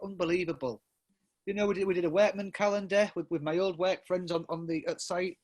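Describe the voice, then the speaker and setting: Speaking fairly quickly in a high, darkish voice with fairly even intonation, a middle-aged man from England rambles through stories as a podcast guest. He keeps restarting, fills gaps with fillers, and laughs a lot in this casual interview.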